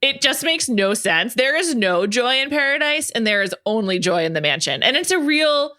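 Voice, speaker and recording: A woman's voice: a little high, sing-song, moderate pace, bright, forceful tone, no echo, studio quality. A woman hosting a podcast in casual chat, enthusiastic and talkative with lots of fillers. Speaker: podcast host.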